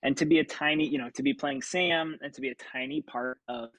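Brief: man from Kansas, thirties, chatty interview guest, slightly high voice, dry close mic. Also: fairly quick, vocal fry, dry recording, low-quality recording. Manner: animated anecdote-telling, acts out quoted voices, many ums. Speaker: puppeteer and actor, guest. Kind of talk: casual interview storytelling.

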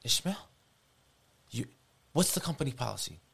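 A man's voice: medium pitch, sing-song, moderate pace, gravelly, fairly bright tone, slightly rough, pitched above the performer's own voice, exaggerated voice. A stern, condescending woman boss , done by a man, lectures in a raised, clipped voice. Each question lands as a reprimand.

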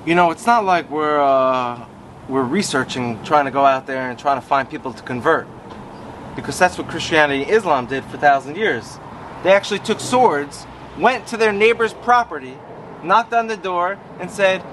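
A rabbi, telling stories in an animated way and acting out quoted voices, talking on a city stoop. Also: male voice, fairly high pitch, moderate pace, slight background noise. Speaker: rabbi guest on a podcast. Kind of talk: casual storytelling conversation.

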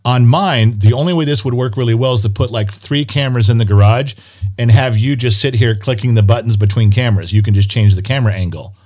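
A man's voice: mid-range voice, quick pace, darkish tone. Rambling, swearing man telling shop stories. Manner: rambling storyteller, swears, teases. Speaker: podcast co-host. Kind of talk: casual chat.

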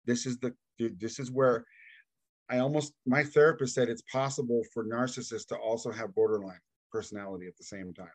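Man, podcast guest, casual storytelling, animated, mid-pitched voice, dry close sound. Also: brisk, no echo. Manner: animated, acts out quoted dialogue; casual, says "dude".

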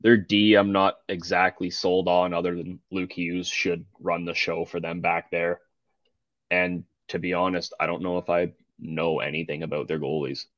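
Man, young adult, deep voice, flat delivery, blunt casual chat, dull dry recording. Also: moderate pace, no room sound. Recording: dull lo-fi mic.

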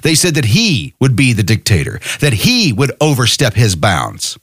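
A man's voice: medium pitch, huge pitch swings, normal speed, a bit bright, slightly rough, no echo, studio quality. An angry man hosting a podcast, delivering an impassioned, profane political monologue full of rhetorical questions. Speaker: podcast host.

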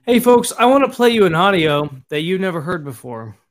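A man's voice: high-pitched, sing-song, brisk. A man hosting a podcast, chatting directly to listeners as he sets up a clip. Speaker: podcast host. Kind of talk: casual introduction.

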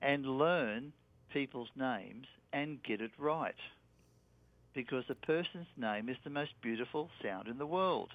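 An Australian man, a sales trainer, calmly walking through a sales method as a guest. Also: medium pitch, unhurried. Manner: steady, instructive, with fillers. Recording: dry, tinny phone line.

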